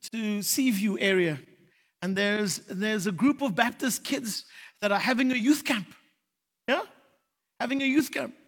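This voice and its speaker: High, bright preacher in a hall. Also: male voice. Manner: storytelling, animated, rising to shouted exhortation. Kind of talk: sermon. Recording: reverberant church hall.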